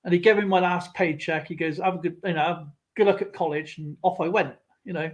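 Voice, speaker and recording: A man's voice: high voice, fairly even intonation, a little fast. A man hosting a live stream, telling a rambling story and acting out what other people said, with laughs along the way. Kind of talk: casual storytelling chat.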